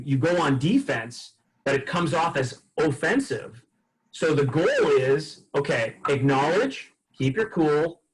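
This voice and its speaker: This is a slightly high-voiced man, captured on a rough recording. Running a sales training session, he tells customer stories casually and animatedly, performing the dialogue himself.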